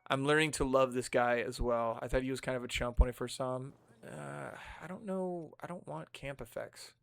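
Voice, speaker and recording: A man's voice: mid-range voice, normal speed, gravelly, fairly bright tone. A man giving casual, rambling commentary while streaming a video game, laid-back and full of fillers and slang.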